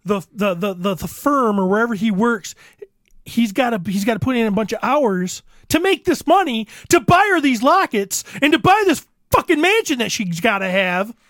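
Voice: mid-range voice, expressive, moderate pace, fairly bright tone, no echo, studio quality, close to an everyday voice. A speaker voicing a busy executive boyfriend who apologizes for working through the holidays. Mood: apologetic.

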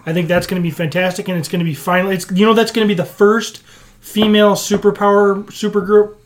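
A man's voice: high-pitched, level tone, fast. A man co-hosting a casual podcast, rambling and blunt, often restarting his thoughts. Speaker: podcast co-host.

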